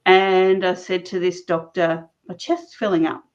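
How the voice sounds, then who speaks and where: A woman guest recounting her own story in conversation, animated and laughing often as she talks. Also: lowish voice, measured pace. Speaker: interview guest. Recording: dull lo-fi recording.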